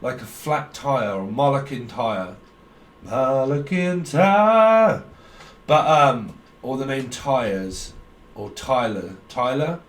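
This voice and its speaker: This tarot reader has a medium-pitched voice and talks slowly. He wanders through a blunt reading in stream-of-consciousness fashion, cursing without restraint, recorded on a far-off mic in a room full of echo.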